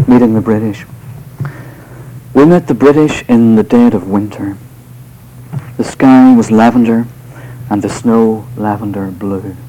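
A man giving a live poetry reading to an audience, delivering verse in a measured, unhurried way with hesitant spoken asides between poems. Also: lowish voice, mellow, slight background noise, low-quality recording. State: voice slightly off tonight.

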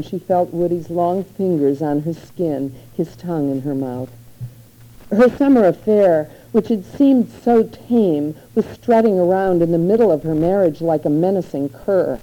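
A woman reads literary fiction aloud in a measured, unhurried way. Her voice is dark and mellow, sitting a little low. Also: dull audio. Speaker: narrator.

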